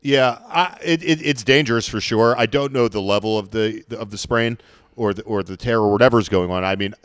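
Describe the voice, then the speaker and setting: A man's voice: fairly low pitch, fairly quick, clean tone, dry recording. A man co-hosting a podcast, chatting casually about sports with frequent hesitant restarts. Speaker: podcast co-host.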